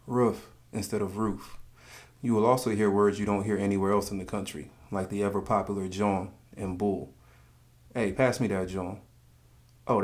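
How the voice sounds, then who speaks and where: A man from the States, giving calm, measured scripted narration for a countdown video. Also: fairly low pitch. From Southern United States.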